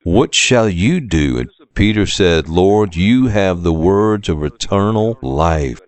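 A man's voice: low-pitched, expressive, slow pace, smooth, no echo. A man preaching a sermon with fervent, rising and falling emphasis.

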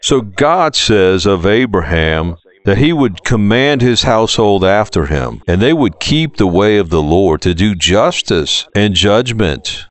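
A man's voice: lowish voice, lively intonation, a little slow. A man preaching a sermon with fervent, rising and falling emphasis.

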